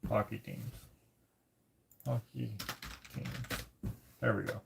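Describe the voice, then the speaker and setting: A man from Canada hosting a casual livestream, reading viewer comments aloud and rambling as he thinks out loud. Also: on the low side, steady tone, slow, vocal fry, noisy background. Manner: rambling, thinks out loud while searching things up. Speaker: livestream host.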